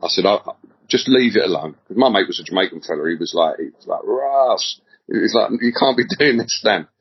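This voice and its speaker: Husky and fairly low, a middle-aged English man's voice comes through expressive and a little fast. He tells stories as a podcast guest in a casual interview, rambling, slangy, and prone to repeating words, over dull lo-fi audio.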